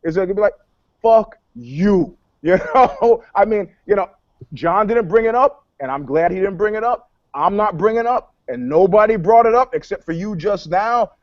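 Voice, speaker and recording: A brash, higher-pitched man co-hosts a casual talk show, swearing freely and acting out both sides of every exchange. The sound is dry and close, with a slightly dull, muffled top end. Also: normal speed, dry recording. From New York. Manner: profane, animated storytelling, acts out dialogue. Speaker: podcast co-host, PR commentator.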